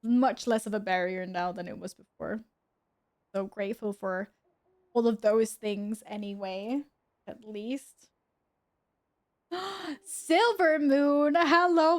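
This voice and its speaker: A woman's voice: medium pitch, fairly even intonation, a little slow, darkish tone. A young woman chatting casually with her viewers while gaming at home, giggling and talking to her cat. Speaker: streamer. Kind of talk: casual gaming stream chat.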